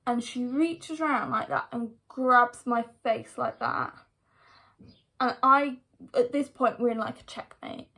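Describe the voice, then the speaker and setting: A woman's voice: fairly high pitch, a little slow, vocal fry, bright, forceful tone. Chatty young woman telling a story. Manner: chatty retelling full of "like" fillers; talks to viewers directly. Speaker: vlogger. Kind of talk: storytime vlog.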